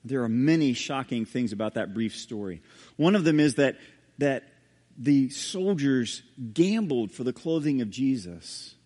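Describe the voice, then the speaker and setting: A male pastor preaching a sermon and reading scripture aloud, dramatic, with sudden hushed low drops on key words. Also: lively intonation, unhurried. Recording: long hall reverb.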